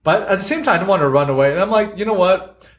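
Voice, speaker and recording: A man, a guest street photographer, telling stories on a podcast in an animated way and acting out the people he quotes. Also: high-pitched, racing. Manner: animated, laughs often, acts out quotes. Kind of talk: casual podcast storytelling.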